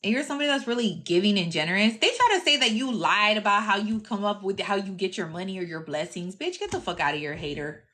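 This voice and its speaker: A woman's voice: medium pitch, animated, fast talker, hardly any pauses, pushed and bright. A young adult woman giving a casual tarot reading to her viewers, brash, profane and teasing, often breaking into laughter. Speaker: tarot reader.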